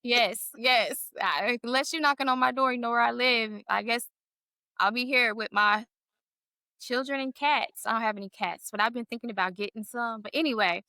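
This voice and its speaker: A woman's voice: on the high side, normal speed, sharp tone, dry recording. A woman co-hosting a podcast in casual chat, candid and laughing often, cussing freely. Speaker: podcast co-host.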